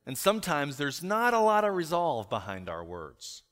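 A man's voice: a little high, huge pitch swings, normal speed. Reflective male preacher in a reverberant hall. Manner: reflective, drops softer on key lines, rhetorical questions. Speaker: pastor. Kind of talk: sermon.

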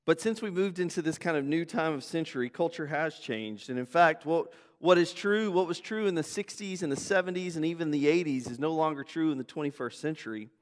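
A man's voice: on the high side, fairly quick, few pauses. A man pastor delivering a sermon with prayer and scripture reading, earnest, with fillers and restarts. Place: church sanctuary. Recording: long church reverb.

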